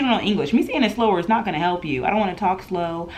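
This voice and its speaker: A young woman in her twenties telling an animated storytime in a home vlog, chatty and full of laughs. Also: mid-range voice, rapid-fire, few pauses, a little hiss or hum. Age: 20s. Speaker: vlogger.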